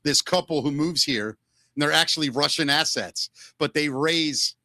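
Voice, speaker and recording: A man co-hosting a podcast in casual chat, animated and jokey, often slipping into silly voices. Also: on the high side, normal speed, no room sound. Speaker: podcast co-host. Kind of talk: casual chat, comedic impressions.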